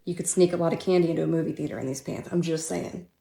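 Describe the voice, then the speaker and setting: A woman's voice: sits low, flat delivery, rapid-fire, gravelly, dark tone. Wry woman in a roomy space. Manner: wry, self-mocking asides. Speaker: comedy content creator. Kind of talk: casual comedic commentary.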